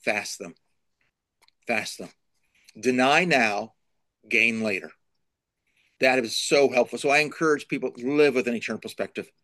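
A man's voice: mid-range voice, unhurried, long pauses, fairly bright tone, no room sound. A middle-aged man, a Christian author and speaker, answering interview questions in an emphatic, preaching style, repeating key phrases and building lists.

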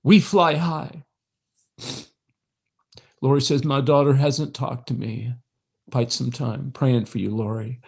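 A middle-aged man leading an online prayer talk, speaking straight to viewers with emotion, swelling to impassioned peaks and sinking soft again. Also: medium pitch, fairly even intonation, slow pace, gravelly, long pauses, slightly rough. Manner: direct address to viewers, frequent fillers. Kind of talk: livestream devotional talk.

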